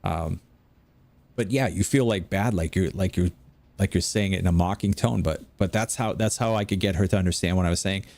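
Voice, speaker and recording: A man's voice: low-pitched, fairly quick, gravelly, a little mellow. A man, rambling and chatting with viewers during casual gameplay commentary at home late at night. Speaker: gaming video creator.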